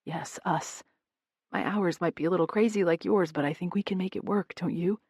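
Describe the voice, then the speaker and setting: A woman voicing an earnest young man in love, speaking softly in an audiobook. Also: fairly low pitch, moderate pace, breathy edge, dry recording, studio quality. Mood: tender. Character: adoring young man, tender and frank.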